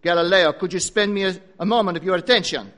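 A stern old-school professor with a sarcastic bite, put on by a preacher in the middle of a story. He speaks loud and clipped, talking down to a student, and the voice sits high for a man. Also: unhurried.

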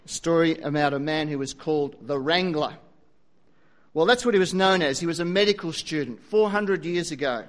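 High-voiced storytelling preacher, man. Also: normal speed. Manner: lively storyteller with dry asides, varied pace. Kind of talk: storytelling sermon.

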